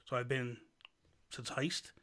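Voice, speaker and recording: Animated, bright-voiced male livestream host. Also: mid-range voice, slow. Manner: animated, long-winded storyteller. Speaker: show host. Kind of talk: casual livestream chat.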